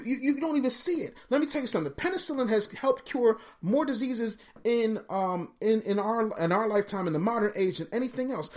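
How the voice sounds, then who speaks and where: A man hosting a live motivational podcast, preaching with emphatic, slangy talk and repeated words. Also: high voice.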